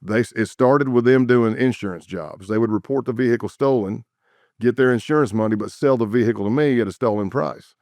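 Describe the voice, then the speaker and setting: There's no echo as a middle-aged former undercover agent from South Carolina speaks at a brisk pace and medium pitch. Guesting on a casual storytelling interview, he brings his tales to life by animatedly voicing the people he quotes.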